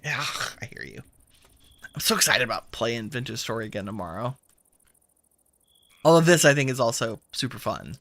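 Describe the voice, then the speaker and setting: A woman's voice: extremely low pitch, expressive, moderate pace, pauses often, fairly bright tone, dry recording. A woman giving casual gameplay commentary, chatty and talking to her game characters as she plays. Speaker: game streamer.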